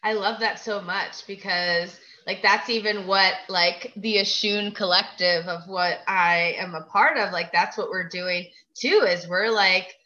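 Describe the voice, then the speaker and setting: A woman's voice: mid-range voice, unhurried, hardly any pauses, bright, forceful tone, highs cut off. A woman guest in a casual chat, speaking dreamily and filling nearly every phrase with "like.". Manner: dreamy, filler-heavy, says "like" constantly.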